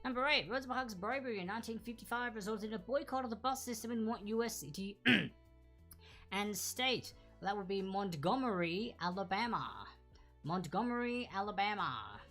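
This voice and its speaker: A woman hosting a casual live online trivia quiz, chatting and repeating each answer slowly and clearly. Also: mid-range voice, expressive, fairly bright tone, soft background music.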